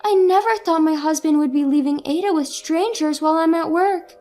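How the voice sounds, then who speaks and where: A woman's voice: very high voice, brisk, faint music behind, voice pushed up. A woman voicing a humble young mother who has turned furious at her husband. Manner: shouting, indignant.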